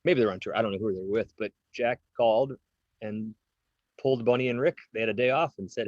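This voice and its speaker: A man's voice: mid-range voice, fast talker, darkish tone, dry recording, dull audio. A man in his forties, a drummer interviewed as a guest, talking casually with lots of fillers and restarts. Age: 40s. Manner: rambling, many fillers and restarts.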